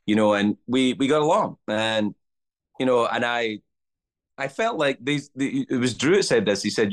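A middle-aged man with a Scottish accent tells stories in relaxed podcast chat. He swears freely and acts out other people's lines. His pitch swings widely, keeping the telling lively. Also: normal speed. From Scotland. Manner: animated, swearing storyteller acting out voices. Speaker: guest comedian. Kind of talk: casual podcast storytelling.

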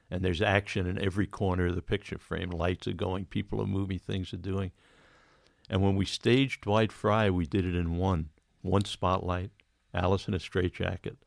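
A man talks as a guest in relaxed conversation, looking back on his time in a band. His voice is low and gravelly with vocal fry, and the sound is dry and close. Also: dry recording. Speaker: guest, musician. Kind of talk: casual chat.

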